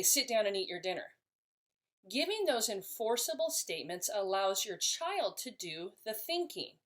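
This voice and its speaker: Earnest woman teaching parents. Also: a little high. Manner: earnest and explanatory, with occasional restarts. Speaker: parenting educator. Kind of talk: instructional talk to camera.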